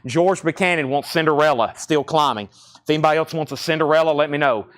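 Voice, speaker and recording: Brisk Southern man selling records live. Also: fairly high pitch, a bit bright. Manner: rattles off titles and prices. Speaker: live sale host. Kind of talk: live-stream auctioneering. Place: record shop.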